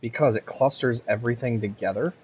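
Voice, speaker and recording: A man talks through his gameplay in a loose, rambling way, stopping to fix his words and grumbling at the game now and then. He has the hiccups, and his voice sits at an average pitch. The audio is a little dull, with faint game sounds underneath. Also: brisk, darkish tone, slight background noise. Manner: rambling, self-correcting, mutters at the game. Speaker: gameplay commentator. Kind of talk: casual gameplay commentary.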